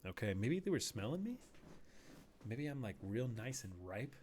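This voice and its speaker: A man's voice: medium pitch, sing-song, normal speed, darkish tone. A man streaming a hunting game, rambling casually and dropping to a near whisper while sneaking up on animals. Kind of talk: casual gameplay commentary.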